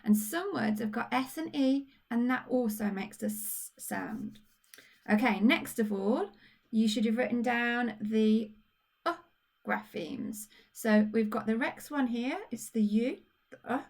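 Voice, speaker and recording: A Brummie primary school teacher records a phonics lesson for young children, sounding patient and encouraging as she spells out sounds slowly. Her Birmingham-accented voice sits on the high side and is a little mellow.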